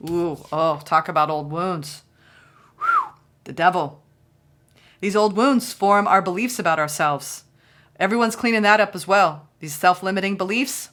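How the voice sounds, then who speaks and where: A woman giving a tarot reading in a casual, reassuring way, often checking in with "okay?" and acting out people's reactions. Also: mid-range voice. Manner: reassuring, keeps asking "okay?"; animated, acts out quoted reactions. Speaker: tarot reader.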